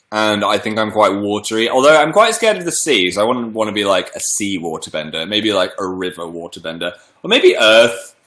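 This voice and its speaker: Chatty man with a bright voice. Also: medium pitch, echoey room. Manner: chatty, playful, rambling. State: slight cold with a cough. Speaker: livestream host reading viewer messages. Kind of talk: casual livestream chat.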